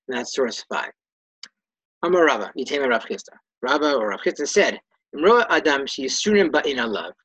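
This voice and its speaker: The audio is poor and dry, carrying a man's medium-pitched voice that's fairly bright and slightly rough. He teaches a Torah text-study class, voicing Hebrew and Aramaic phrases and then giving plain, casual translations, fixing himself along the way.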